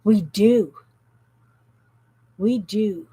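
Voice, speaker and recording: In a rough recording, a woman from Canada talks very slowly in a mellow, mid-range voice with a breathy edge. She's hosting a craft livestream from her home craft room, chatting away and reading viewer comments while she works.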